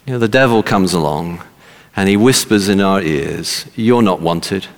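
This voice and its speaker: Male preacher, gravelly voice, lively swooping delivery, long hall reverb. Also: low voice, normal speed. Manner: emphatic, animated preaching with repeated words. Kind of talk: sermon.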